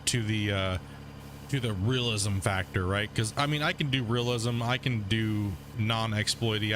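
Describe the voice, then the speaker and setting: A man's voice: fairly low pitch, noisy background. A man live streaming a game, chatting casually and rambling with lots of fillers like "man" and "right," sometimes talking between bites of food. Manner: talks between bites while eating. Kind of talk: casual live stream chat while playing.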